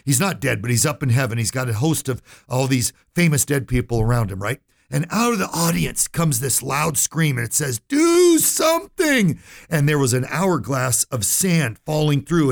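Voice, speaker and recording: A man's voice: mid-range voice, creaky. A man hosting a financial radio talk show, speaking directly to listeners in a folksy, emphatic way and often checking in with "right?" and "okay?".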